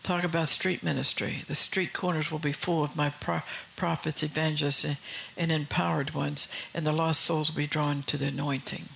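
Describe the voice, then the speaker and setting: A man's voice: fairly high pitch, flat delivery, normal speed, creaky, sharp tone, a little hiss or hum, rough recording. A man preaching a sermon with fervour, firing rhetorical questions at the congregation and dropping to whispers for emphasis.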